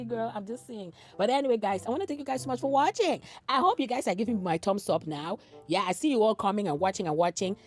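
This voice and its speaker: Brief: woman host, reaction commentary, lively swooping voice, quick exclamations. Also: mid-range voice. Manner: animated, exclamatory, laughing between remarks.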